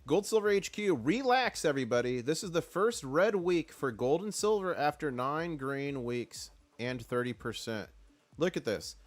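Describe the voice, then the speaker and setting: Excitable man hosting a live stream. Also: fairly high pitch, moderate pace, faint music behind. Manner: excitable, rallying chat, reads comments aloud. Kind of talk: casual live-stream market commentary.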